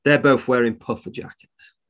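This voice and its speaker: A man's voice: mid-range voice, steady tone, moderate pace, fairly bright tone. Man, indignant, blunt, sweary, casual podcast chat. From United Kingdom. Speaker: reptile shop owner, podcast guest.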